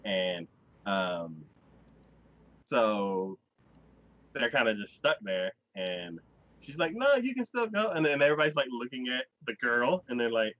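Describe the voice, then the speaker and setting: A man hosting a casual podcast chat, recapping a story with lively energy and acting out the characters' lines. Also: mid-range voice, a little slow, pauses often. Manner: animated storyteller who acts out characters' lines in quoted voices. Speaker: podcast host. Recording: dull, dry lo-fi recording.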